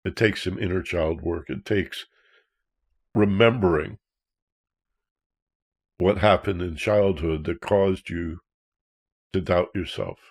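Counselor, male: very low, gravelly delivery, earnest and explanatory. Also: takes it slowly, pauses often. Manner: earnest, explanatory, with rhetorical questions. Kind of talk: talk on emotional self-awareness.

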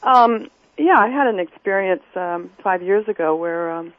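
A woman calling in to a radio show, rambling and hesitant with many pauses. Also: medium pitch, lively intonation, no room sound. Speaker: caller. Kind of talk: phone-in call. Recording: tinny phone line.

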